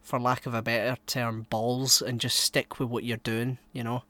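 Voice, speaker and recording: A man co-hosting a podcast, chatting casually and rambling, with loud outbursts between mumbled asides. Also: mid-range voice, flat delivery, moderate pace, no echo. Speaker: podcast co-host.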